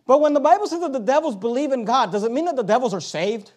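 A man's voice: very high-pitched, animated, quick pace, a little mellow. A man preaching a sermon, stressing key words, asking rhetorical questions and reading scripture aloud.

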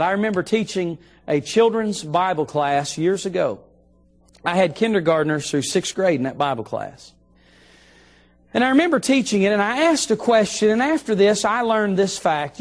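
A middle-aged male preacher delivering an evening sermon in a church, telling a story and slowing down to stress key phrases. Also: sits high. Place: church sanctuary.

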